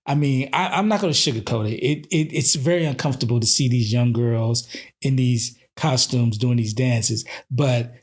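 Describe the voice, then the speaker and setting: Male podcast host, casual movie chat, lively storyteller. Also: medium pitch, normal speed. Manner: animated storyteller, retells scenes with quoted voices.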